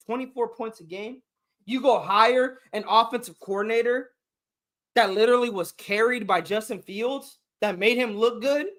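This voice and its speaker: A man's voice: very high-pitched, fairly bright tone. A man hosting a fan sports show, delivering a frustrated, heated rant with swearing. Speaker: fan podcast host.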